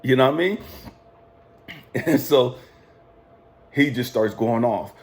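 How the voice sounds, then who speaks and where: A man's voice: medium pitch, slow pace, creaky, slight background noise. A man from California telling a personal story in a casual, profane, defiant way, laughing often. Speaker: life coach vlogger.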